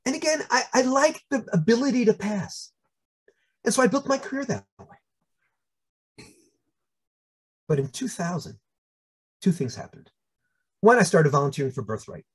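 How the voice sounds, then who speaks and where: An older man with a New York accent tells stories with plenty of humor, and his pitch swings widely as he goes. His voice is a bit husky. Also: measured pace, long pauses. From United States. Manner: animated, humorous storytelling with voiced asides. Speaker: speaker. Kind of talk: storytelling talk.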